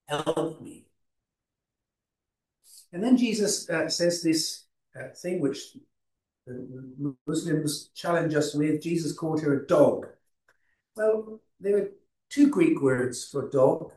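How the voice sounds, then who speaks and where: A man preaching a sermon, unhurried, with frequent restarts and fillers. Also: fairly high pitch, lively intonation, warm tone, recorded from a distance. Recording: roomy hall, voice from off-mic.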